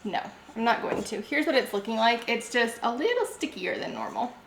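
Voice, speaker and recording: A woman's voice: on the high side, animated, a little fast, echoey room, noisy background. A woman vlogging as she cooks at home, chatting casually and talking herself through each step. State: out of breath. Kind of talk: casual cooking narration. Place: home kitchen.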